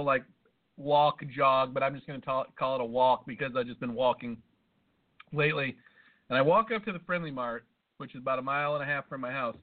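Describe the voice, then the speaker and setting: High-voiced rambling guy on a tinny line. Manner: rambling storyteller, lots of swearing and asides. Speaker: podcast co-host. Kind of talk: casual comedic chat. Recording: tinny phone-like sound.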